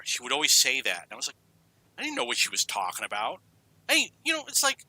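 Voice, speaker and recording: A man's voice: medium pitch, huge pitch swings, fairly quick, sharp tone, no echo, rough recording. A middle-aged man from New York casually telling rambling personal stories, drifting off on tangents. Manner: rambling, digressive, anecdotal. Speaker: storyteller.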